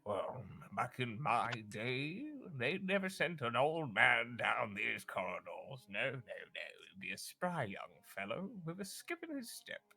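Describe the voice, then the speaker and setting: A man's voice: medium pitch, sing-song, measured pace, vocal fry, hardly any pauses, pushed and bright, husky, exaggerated voice. A man voicing a doddering old male sage who murmurs and grumbles. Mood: grumbling.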